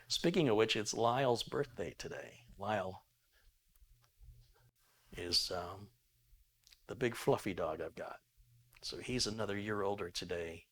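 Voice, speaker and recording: A middle-aged man with a fairly low voice hosts a casual live stream. He chats loosely and reads viewer messages aloud, laughing easily as he goes. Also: slow, pauses often. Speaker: live stream tech host. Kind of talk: casual live stream chat reading donations.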